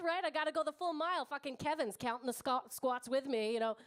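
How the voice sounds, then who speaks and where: A woman's voice: high voice, brisk, a bit bright. A woman in her thirties doing stand-up comedy, brash and teasing the crowd, swearing freely. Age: 30s. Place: comedy club stage before a live audience.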